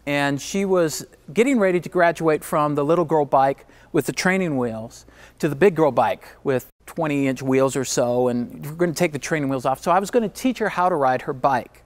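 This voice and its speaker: A middle-aged male keynote speaker tells a personal story to an audience. He pushes his points emphatically, then drops low and quiet, in a voice sitting slightly high for a man. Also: moderate pace. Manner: emphatic, swings from driving to hushed.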